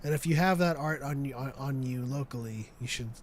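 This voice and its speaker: A man co-hosting a live show in casual chat, jokey and quick to laugh, trailing off and restarting. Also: mid-range voice, a little hiss or hum. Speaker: podcast co-host.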